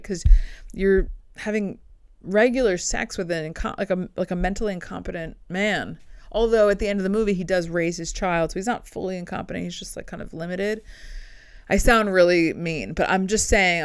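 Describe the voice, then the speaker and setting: A woman podcast host and comedian riffing in a dark, irreverent comedic monologue. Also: lowish voice, clear, resonant tone, no echo, clean studio sound. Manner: dark, irreverent joking with frequent laughs.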